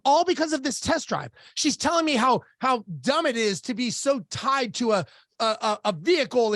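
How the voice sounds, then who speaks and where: A man's voice: very high voice, fairly bright tone. A blunt middle-aged man, a business coach, tells a story with animation and plays both sides of the conversation. The recording is dry, with no echo at all. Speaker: business coach, podcast guest. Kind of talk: storytelling in a casual interview.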